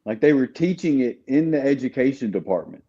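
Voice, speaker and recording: Male guest with a mellow, dark tone, earnest and candid, recorded on dull lo-fi audio. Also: mid-range voice, expressive, fairly quick. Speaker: guest telling his story. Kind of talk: casual conversation.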